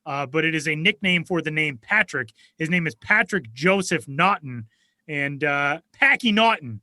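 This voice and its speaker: A man's voice: fairly high pitch, normal speed, bright, forceful tone, dry recording. A man co-hosting a podcast in casual chat, upbeat and jokey, on a studio microphone. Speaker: podcast co-host.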